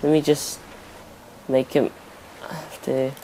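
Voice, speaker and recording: A man's voice: mid-range voice, flat delivery, slow pace, vocal fry, mellow, a little hiss or hum. A young man giving rambling, self-correcting let's play commentary over his gameplay as a gaming YouTuber.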